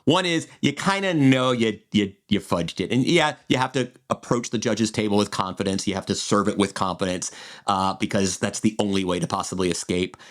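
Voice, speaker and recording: A man's voice: on the low side, brisk. A man in his forties co-hosting a podcast, chatting in a digressive way with frequent restarts. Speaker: podcast co-host. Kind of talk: casual chat.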